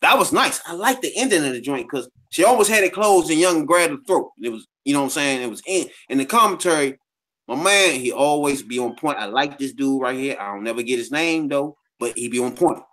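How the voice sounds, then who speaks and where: With a fairly high, slightly bright voice and lively intonation, a man co-hosts a casual podcast a little fast. His speech is slangy and relaxed, and he keeps repeating filler phrases.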